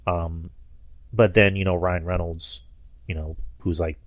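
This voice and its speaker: Here a male podcast co-host chats loosely, wandering off topic with plenty of fillers and laughs. He speaks low and flat at an unhurried pace; the recording has no echo and its highs are cut off.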